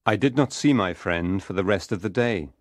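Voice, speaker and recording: A man narrating an audiobook in a calm, measured storytelling voice. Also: low-pitched, no room sound, studio quality.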